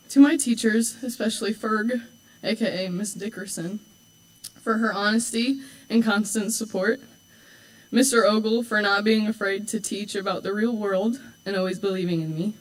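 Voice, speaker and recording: A teenage girl in her late teens giving a prepared speech as a homecoming court candidate indoors at a school event, heartfelt and warm, with teasing, dry asides. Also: medium pitch, steady tone, moderate pace, rough recording.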